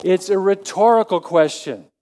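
High-voiced man in his seventies preaching. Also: warm tone. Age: 70s. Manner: halting, with frequent restarts, rising to emphatic questions. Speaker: lay preacher. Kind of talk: sermon.

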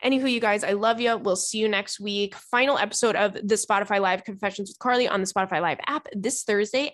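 A woman's voice: mid-range voice, fast talker, hardly any pauses, a bit bright, dry recording, studio quality. Giggly young woman podcast host. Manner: giggly and playful, jokey asides. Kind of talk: casual chat reading listener stories.

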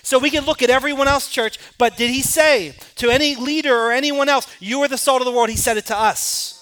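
A man preaching a sermon as pastor, rising to emphatic peaks and dropping to quiet asides. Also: very high-pitched, steady tone, a little fast.

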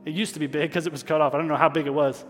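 Male pastor mid-sermon, voice on the higher side, earnest and emotional, repeats lines for weight. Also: steady tone, racing, faint music behind. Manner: emotional, stops to apologize and regroup; repeats key phrases for emphasis. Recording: long hall reverb.

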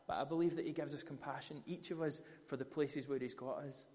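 A man preaching a sermon, telling stories in an animated, conversational way. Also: medium pitch, brisk, big-room sound. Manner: storytelling, animated retellings of scripture.

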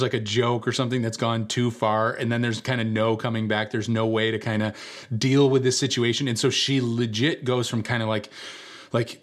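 A man preaching a sermon in a conversational storytelling way, full of fillers, who repeats key lines for emphasis. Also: medium pitch. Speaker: pastor.

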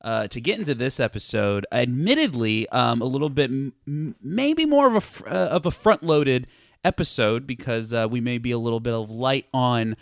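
Guy cohosting a podcast, bouncy animated voice, jokey, dry close mic. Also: medium pitch, moderate pace, vocal fry, no room sound. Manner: animated, joking, laughs often. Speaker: podcast co-host. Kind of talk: casual chat.

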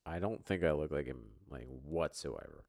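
A man's voice: a bass voice, expressive, moderate pace, gravelly, a little mellow. A man hosting a casual podcast, brash and joking, swearing freely as he runs through rankings. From US East Coast. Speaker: podcast host and league commissioner. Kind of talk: casual, profane commentary.

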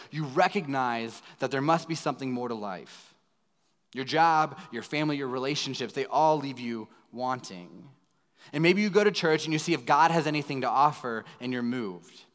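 A man's voice: mid-range voice, fairly bright tone. A male pastor preaching a sermon in an earnest way, putting rhetorical questions to the congregation and swelling into emphasis. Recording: reverberant hall.

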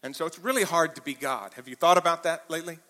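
High bright-voiced male preacher in a hall. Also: fast. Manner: conversational preaching, swings between hushed asides and loud emphatic peaks. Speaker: pastor. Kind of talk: sermon. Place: church auditorium.

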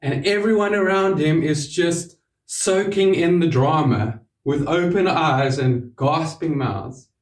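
A man's voice: a little high, takes it slowly. Earnest man preaching from afar. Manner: earnest, with sudden drops to a hush on key words. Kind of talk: sermon. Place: church hall. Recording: roomy, from a distance.

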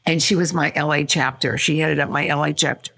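An older woman from California, a guest in an interview, telling her story quickly and acting out what people said. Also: low-pitched, gravelly, husky. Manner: animated, quick storyteller who acts out quotes.

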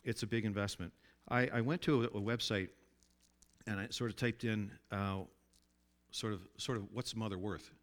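At a normal speed, a male pastor preaches in a chatty, conversational manner. Asking his listeners to agree is a frequent move, as is dropping to a soft, low voice to underline a point.

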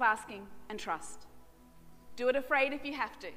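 Bright-voiced woman preaching passionately. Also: a little high, normal speed. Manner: passionate, emphatic preaching with repeated lines. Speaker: pastor. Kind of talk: sermon. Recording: reverberant hall with music behind.

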